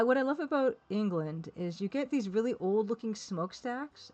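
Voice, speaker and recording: A woman streaming live, chatting casually and rambling while reading viewers' comments, laughing now and then. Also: mid-range voice. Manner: chatty, rambling, laughs often, reads chat aloud.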